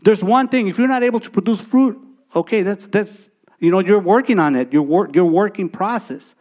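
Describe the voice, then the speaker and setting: A man preaching a sermon as a pastor, emphatic, repeating phrases and swinging between loud and soft delivery. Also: sits high, moderate pace.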